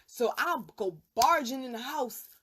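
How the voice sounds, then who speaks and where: Animated, profane young woman storyteller. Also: sits high, a little slow, a little hiss or hum. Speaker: vlog host, spiritual reader. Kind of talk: casual storytelling.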